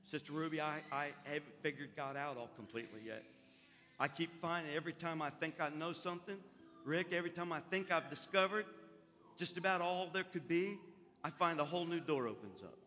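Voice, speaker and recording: A man's voice: fairly high pitch, brisk, bright, forceful tone. A man preaching a sermon as pastor in a church, fervent and folksy in his way of talking. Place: church sanctuary. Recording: long reverb with music behind.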